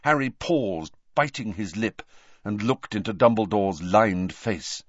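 A man narrating a fantasy novel as an audiobook in an expressive, dramatic storytelling manner, recorded dry and slightly muffled. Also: fairly low pitch, unhurried, no room sound. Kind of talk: scripted narration.

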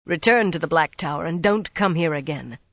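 Narrator putting on a hard young man from an audiobook, talking low and soft with a harsh edge. The read is close and dry. The sound is a bit dull. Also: brisk, no echo. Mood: hard, tense. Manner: soft-spoken but harsh.

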